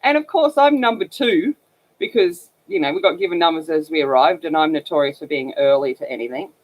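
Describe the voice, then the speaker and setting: A woman's voice: deep voice, fairly quick. A woman from northern Australia with an Australian accent and a scratchy voice, chatting casually and rambling with many fillers as she hosts a coloring livestream. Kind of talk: casual chat while coloring.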